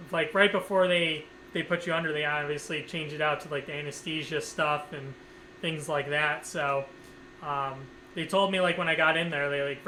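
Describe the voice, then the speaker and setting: A man's voice: fairly high pitch, sharp tone, a little hiss or hum, poor audio. A man vlogger telling a casual story time, rambling with lots of fillers and swearing freely.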